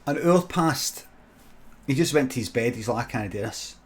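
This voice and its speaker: A Scottish comedian improvising a comic story with deadpan, sweary narration and quick muttered asides. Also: male voice, mid-range voice, a little hiss or hum. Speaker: comedian streamer.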